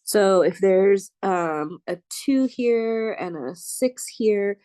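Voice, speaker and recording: Woman, math professor, unhurried, thinks aloud while writing, dry recording. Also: mid-range voice, expressive, dark tone, smooth, no echo. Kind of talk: lecture working problems on a board.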